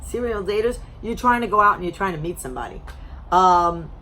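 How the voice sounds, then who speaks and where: A woman vlogger telling a story to camera in a blunt, animated way, swearing freely, her voice a little strained as she loses it. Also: on the low side, fairly quick, a little hiss or hum. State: losing her voice.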